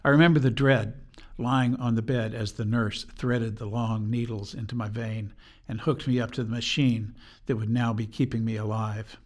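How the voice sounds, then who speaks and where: Older male guest, earnest measured testimony, mid-pitched voice. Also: steady tone. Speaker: podcast guest. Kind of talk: scripted personal testimony.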